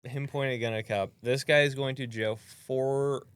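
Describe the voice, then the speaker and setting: A man's voice: medium pitch, steady tone, moderate pace, a bit bright, smooth, no echo. A man hosting a podcast in casual chat, laid-back and laughing often as he wraps up the episode. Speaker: podcast host.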